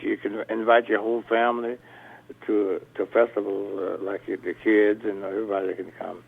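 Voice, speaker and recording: A man's voice: lowish voice, gravelly. Older man telling stories over a tinny phone line. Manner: rambling storyteller, restarts often. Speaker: blues musician guest. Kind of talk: radio interview conversation.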